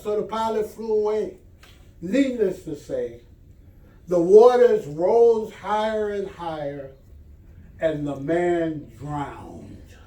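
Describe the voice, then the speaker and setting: A man's voice: sits high, dark tone. A man giving a Friday sermon as an imam, telling a story in a conversational, folksy way, recorded in a mosque prayer hall. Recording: echoey hall, mic at a distance.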